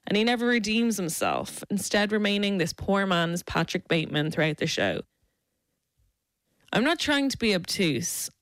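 Brief: young woman, South Dublin Irish accent, lowish voice, dry studio sound, sardonic essay read. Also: no room sound. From Ireland. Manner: wry, sardonic rant. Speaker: radio essayist. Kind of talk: scripted radio essay.

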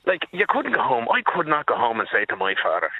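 Here a sixty-something man from Dublin rings a radio programme to tell an emphatic story, using the host's name as he goes. His medium-pitched voice is husky and fast, with huge swings in pitch, no echo, and the thin sound of a phone line.

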